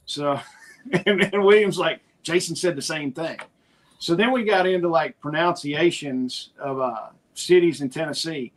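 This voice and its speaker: Storytelling man, higher pitch. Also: moderate pace. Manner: storytelling, animated retelling of conversations. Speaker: podcast co-host. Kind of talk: casual chat.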